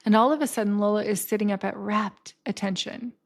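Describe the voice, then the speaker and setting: A young adult woman hosting her podcast, telling a personal story in a casual, animated way, swearing freely and acting out the lines of the people in it. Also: mid-range voice, fairly quick. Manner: animated, swears freely, acts out quoted dialogue. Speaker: podcast host.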